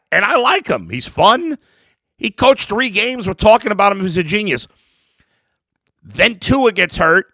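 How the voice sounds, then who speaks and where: A man's voice: fairly high pitch, gravelly, sharp tone, no echo. A man hosting a sports podcast, talking through an emotional, rambling opinion monologue with lots of restarts.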